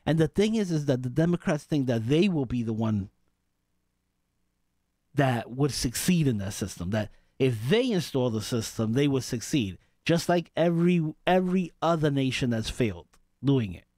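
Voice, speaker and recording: A man's voice: mid-range voice, expressive, normal speed, mellow, no room sound. A man hosting a political talk radio show, venting in an exasperated, rambling way with frequent restarts and sighs, at a studio microphone.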